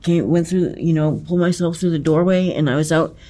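A man recounting a personal ordeal in conversation, talking in an intense, profane and halting way, with many restarts and emphatic repetitions. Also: a little high, fairly even intonation, warm tone. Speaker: interviewee.

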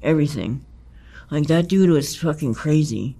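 A man with a fairly high voice tells an interviewer about a personal ordeal. His speech is profane and halting, full of fillers, restarts and emphatic repetitions, and it stays intense throughout. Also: animated, warm tone. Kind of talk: recounting a personal ordeal in conversation.

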